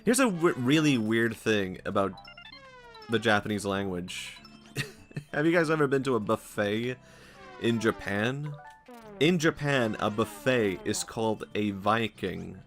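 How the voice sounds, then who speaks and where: A man's voice: fairly low pitch, animated, unhurried, soft background music. A man from Sweden, streaming a game and chatting in a rambling, jokey way, laughing often. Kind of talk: casual gaming stream commentary.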